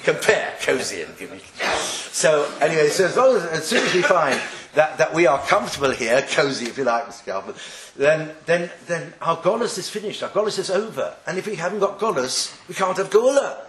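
A man's voice: on the high side, sing-song, brisk, few pauses, a bit bright, slight background noise. A man teaching a class on Jewish texts, joking and putting rhetorical questions to his students. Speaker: Torah teacher. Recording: echoey room.

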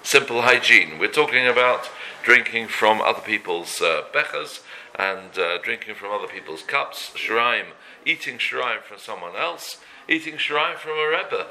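Bright-voiced guy giving a daily law class, lots of restarts and hebrew terms, slight hiss behind. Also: medium pitch, animated, poor audio. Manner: halting, with many restarts, mixing in Hebrew terms.

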